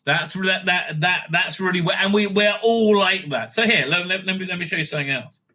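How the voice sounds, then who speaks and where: A man hosting a casual monologue, rambling with many restarts and sudden excited bursts. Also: high voice, brisk. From Israel. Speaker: host.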